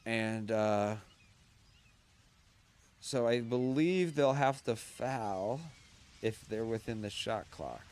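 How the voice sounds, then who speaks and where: A man's voice: fairly low pitch, animated, slow, pauses often, darkish tone, clear, resonant tone. A man hosting a comedy watchalong, calling the game in a jokey sportscaster style with casual swearing. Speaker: comedy podcast host. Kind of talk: mock play-by-play commentary.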